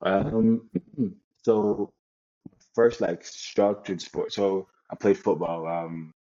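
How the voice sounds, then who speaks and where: Deep-voiced young man, muffled sound. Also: drawn-out words. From Nigeria. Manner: relaxed storytelling with restarts. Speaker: guest, football player. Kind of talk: casual interview chat. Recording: dull lo-fi sound.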